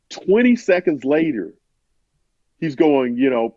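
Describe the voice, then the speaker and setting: This sportswriter guest has a mid-range voice, lively intonation, and a moderate pace as he tells a conversational story. He wanders, restarts a lot, and quotes others in his own voice, over dull, dry, muffled podcast audio.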